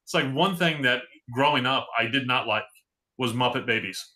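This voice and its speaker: A man's voice: mid-range voice, moderate pace, pushed and bright. A man co-hosting a podcast in casual chat, eager and joking. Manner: enthusiastic, jokey. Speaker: podcast co-host.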